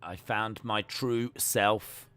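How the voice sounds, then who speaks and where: A man's voice: on the low side, fairly even intonation, extremely slow, a bit bright, clean tone. A man hosting a live wrestling watch-along, reacting and joking as he watches, teasing and chanting taunts at the screen.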